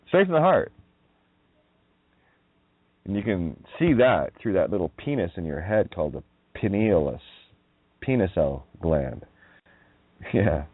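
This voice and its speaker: A man's voice: deep voice, sing-song, takes it slowly, long pauses, slightly rough, dry recording. A man, hosting a radio show, rambling through wordplay with frequent laughter and profanity. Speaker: radio host. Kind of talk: rambling monologue. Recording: dry, phone-like line.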